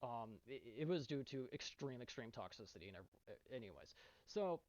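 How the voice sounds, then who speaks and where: A man's voice: medium pitch, lively intonation, a little fast. A man who is an esports team captain tells his side of a dispute in an earnest, aggrieved monologue, often checking in with "right?". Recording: dull, slightly muffled, dry sound.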